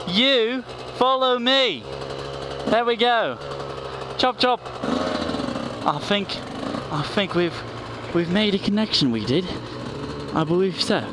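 A man chatting casually while he rides, goofy and self-mocking, in an unhurried way with a bouncy, lively pitch. He speaks into a helmet mic on a forest trail, and a loud motorcycle engine drones under his voice. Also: background noise. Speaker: motorcycle vlogger. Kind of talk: casual riding vlog chat. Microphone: helmet intercom mic.

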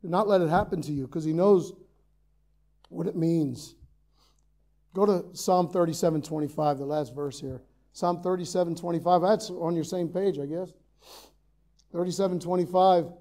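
High-voiced, mellow preacher at the pulpit. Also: male voice, normal speed, long pauses. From Ireland. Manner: rises to loud emphatic peaks, then drops to quiet earnest asides. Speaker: pastor. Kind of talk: sermon. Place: church sanctuary, preaching from the pulpit.

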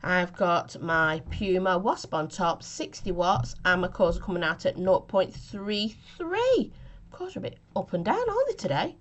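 A woman's voice: lowish voice, sing-song, normal speed. Chatty woman reviewing vape flavours. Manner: chatty, giggly, self-mocking. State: recovering from a chest infection, coughing. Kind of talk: casual review vlog.

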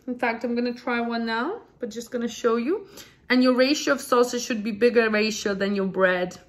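A young woman chatting casually in a home kitchen while showing a recipe, excitable and laughing often. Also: a little high, normal speed. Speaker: cooking vlogger. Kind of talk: casual cooking demonstration.

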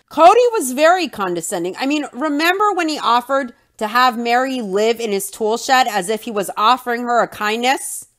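A woman's voice: fairly high pitch, a bit bright. A woman hosting a podcast and recapping a reality show in a scornful, mocking way. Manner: scornful, mocks in a whiny put-on voice. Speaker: podcast host.

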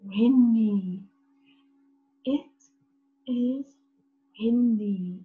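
A woman with a North American accent teaching English to young learners, with encouraging, drawn-out words and frequent praise. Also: fairly high pitch, phone-quality sound, faint music behind. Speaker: ESL teacher.

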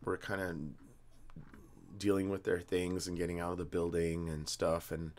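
A man's voice: low-pitched, completely flat delivery, moderate pace. A man in his fifties, just woken up and a bit medicated, rambling through a story with many ums and slightly slurred words. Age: 50s. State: groggy and medicated, just woke up. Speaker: vlogger. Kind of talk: rambling casual monologue.

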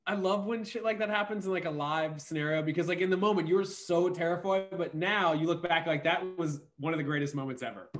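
A man's voice: a little high, fast talker, hardly any pauses, fairly bright tone. Upbeat male podcast host. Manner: enthusiastic, playful, swears casually. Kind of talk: casual chat.

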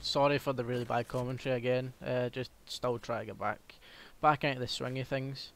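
A man's voice: medium pitch, steady tone, fairly quick, a bit bright. A young man with a Scottish accent giving casual, rambling gameplay commentary, full of ums and hesitations. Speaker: gaming commentator.

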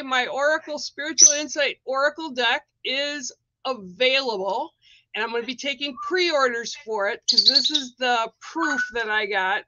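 A woman artist unboxing her new card deck in a vlog, gushing with excitement, repeating herself and letting out squeals and whoops. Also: high-pitched, lo-fi sound, a little hiss or hum.

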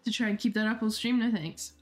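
A woman's voice: a little high, fast, soft background music. A woman streamer reading a dating game aloud, playful and giggly as she reacts to chat between the lines.

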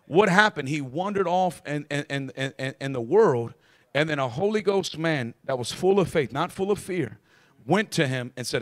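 A man pastor preaching a fervent sermon to his congregation, stammering repeats and calling for the crowd to shout back. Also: a little high, expressive, moderate pace. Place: church.

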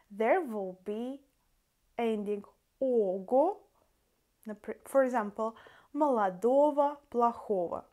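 In a fairly high, darkish voice with a Russian accent, a language teacher takes her time through a lesson. She greets viewers as dear friends and keeps pausing to articulate word endings one by one.

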